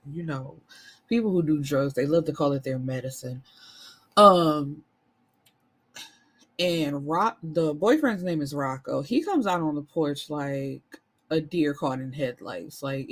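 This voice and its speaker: A woman chatting through a book recap in a relaxed, colloquial way. Her voice sits a little low, and she gets animated and swears now and then. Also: a little slow. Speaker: book reviewer. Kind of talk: casual book summary.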